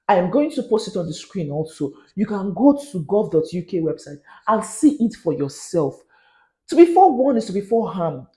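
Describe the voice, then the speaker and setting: A woman's voice: mid-range voice, dark tone, echoey room. A woman, talking earnestly to camera in a vlog and giving warnings, sometimes dropping into pidgin. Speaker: vlogger.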